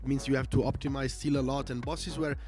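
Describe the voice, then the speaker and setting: Italian accent guy, medium voice, co-commentating on a stream, thinks out loud with lots of uhs. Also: medium pitch, fairly even intonation, quick pace, faint music behind. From Italy. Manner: analytical, explains at length with many fillers. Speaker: esports co-commentator. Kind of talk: casual livestream commentary.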